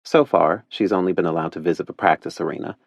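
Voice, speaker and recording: Deep-voiced man with wry narration. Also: quick pace, creaky, no room sound, lo-fi sound. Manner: wry, playful, expressive. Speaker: audiobook narrator. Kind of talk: first-person audiobook narration.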